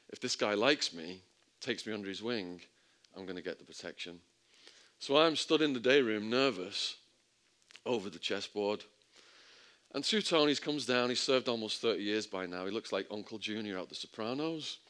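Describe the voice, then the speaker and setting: A middle-aged man telling his story in a talk, acting out the voices of the people in it. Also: fairly bright tone. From England. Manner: vivid storytelling, acting out the quoted voices with big jumps in pitch and volume. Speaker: speaker at a public talk.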